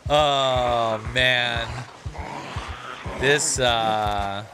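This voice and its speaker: A man streaming a game live, commenting as he plays, excitable and quick to swear in frantic reactions. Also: mid-range voice, noisy background. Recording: loud music under the voice.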